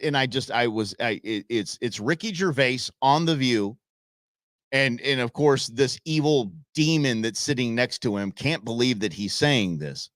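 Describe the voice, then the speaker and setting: A man from Southern California hosting a live show in casual chat, rambling and animated with folksy asides to his viewers. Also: medium pitch, no echo, studio quality.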